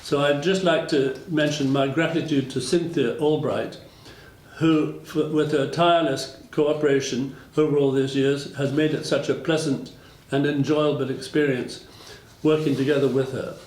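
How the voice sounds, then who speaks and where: A man with an English accent, his voice a touch higher than most men's, delivers a formal ceremonial speech. He pauses and restarts often, searching for his words. The sound rings in a roomy hall. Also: fairly even intonation, darkish tone. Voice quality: halting, with frequent fillers and restarts. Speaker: speaker at a town twinning ceremony.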